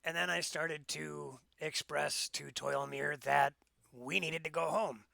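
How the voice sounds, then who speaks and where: Male player in character, heavy gravel, very bright edge, dry close sound. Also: fairly high pitch, fairly even intonation, no echo. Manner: measured, politely formal in character. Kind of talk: in-character tabletop play.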